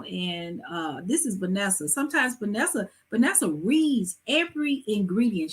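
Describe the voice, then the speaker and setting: Husky woman hosting a lively talk show. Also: medium pitch. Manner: lively, preachy advice with emphatic asides. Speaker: host. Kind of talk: live-stream talk show chat.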